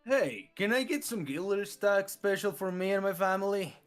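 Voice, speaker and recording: A man's voice: sits high, expressive, moderate pace, faint music behind, voice pushed up. A man voicing a pushy male tavern patron who demands drinks from the bartender. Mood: demanding. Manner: brash, demanding.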